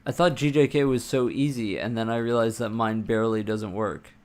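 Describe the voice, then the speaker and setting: A man livestreaming while he codes, muttering to himself, swearing and breaking into excited bursts, with keyboard typing behind him. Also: mid-range voice, brisk, clean tone. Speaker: livestreamer coding a game. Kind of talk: casual live-coding stream talk.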